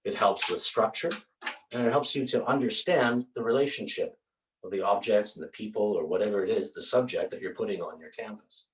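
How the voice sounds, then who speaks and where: A low-voiced man tells a story in a one-man stage show, animated and full of dramatic asides. He paints as he speaks. The stage sound is roomy and caught from a distance. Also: brisk. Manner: paints on stage while talking. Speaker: solo stage performer. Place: theatre stage.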